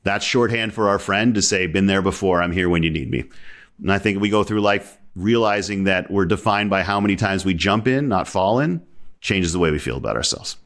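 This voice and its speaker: A man's voice: on the low side, fairly quick, fairly bright tone. A man as a guest on an interview show, talking reflectively and telling a story in a casual conversational way. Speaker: guest speaker.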